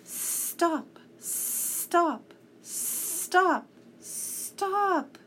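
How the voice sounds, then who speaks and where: A woman's voice: on the high side, expressive, extremely slow, vocal fry, a little hiss or hum, heavily acted, poor audio. The Splinter Cat, a woman whispering as a sobbing male cat. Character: weepy male cat musician, overly emotional.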